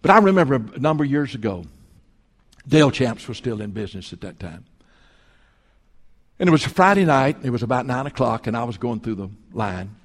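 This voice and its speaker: A man preaching a sermon as pastor, telling folksy stories and swinging between loud and hushed. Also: medium pitch, big pitch swings, brisk, pauses often, in a large hall. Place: church sanctuary.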